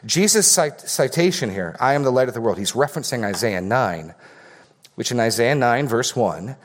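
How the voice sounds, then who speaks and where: A man's voice: mid-range voice, animated, normal speed. A man preaching an expository sermon as pastor, earnest and emphatic, often repeating key phrases for stress.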